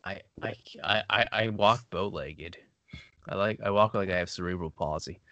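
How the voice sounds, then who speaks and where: A man with a bright, forceful voice chats casually as a podcast co-host, laughing often and stammering into repeats. His voice sits a little low and sounds dry and close, with no room around it. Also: moderate pace, dry recording, lo-fi sound. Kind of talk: casual comedic chat.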